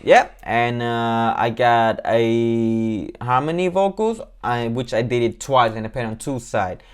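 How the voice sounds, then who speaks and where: A man's voice: medium pitch, measured pace, smooth. A man, a music producer, casually walking through how he built a track, rambling with lots of fillers and playing things down. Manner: loose and rambling, many fillers, self-deprecating. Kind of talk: casual beat breakdown walkthrough.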